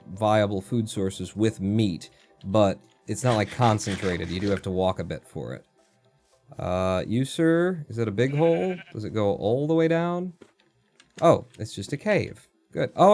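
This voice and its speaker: A male streamer at a middle pitch, talking casually to himself and the creatures on screen as he plays. He counts aloud, muses about what to do next and bursts out excitedly now and then, with some swearing. Faint game music plays behind him. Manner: chatty, thinks aloud, counts aloud, talks to animals. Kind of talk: live gameplay commentary.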